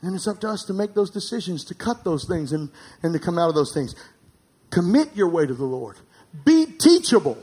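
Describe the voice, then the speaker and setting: A man preaching a sermon as pastor, calling for amens and swinging from emphatic, near-shouted peaks to quiet asides. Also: fairly high pitch, a little fast, husky. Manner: calls for amens from the congregation.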